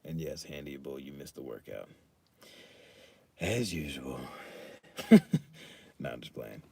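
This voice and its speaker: A man's voice: a bass voice, lively intonation, slow pace, vocal fry, a little mellow, slightly rough, no echo. A young man, chatting casually on his fitness live stream, loose and joking and swearing freely as he reads chat aloud.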